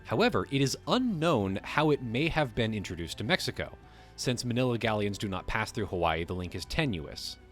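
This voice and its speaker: A man's voice: lowish voice, big pitch swings, brisk, soft background music. A man hosting a livestream, reading a text aloud and breaking off to riff on it casually, swearing now and then. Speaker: livestream host.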